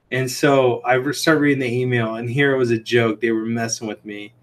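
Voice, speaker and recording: A man of middling pitch hosts a relaxed livestream from a home room with fish tanks behind him. He talks in a loose, rambling way, with plenty of "like" and "um" as he tells stories to his viewers. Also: brisk, few pauses. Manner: rambling, full of "like" and "um" fillers; chatty, tells anecdotes. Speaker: livestream host and aquarium shrimp seller. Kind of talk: casual livestream chat.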